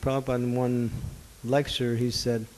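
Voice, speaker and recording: A man's voice: medium pitch, little pitch movement, normal speed, darkish tone, rough recording. A man acting as a spiritual teacher who answers questions from a gathering, good-humored and laughing often.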